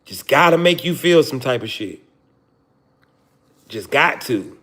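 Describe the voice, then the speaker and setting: A man hosting a livestream jokes profanely with his chat before preaching his point, his medium-pitched voice lively in intonation and fairly bright. He talks a little slowly in this casual chat-directed banter.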